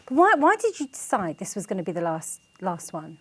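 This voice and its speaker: Bubbly, lively-voiced woman host. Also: fairly low pitch, a little fast, slightly rough. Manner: bubbly, giggly, effusive. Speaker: TV show host. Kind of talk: studio interview hosting.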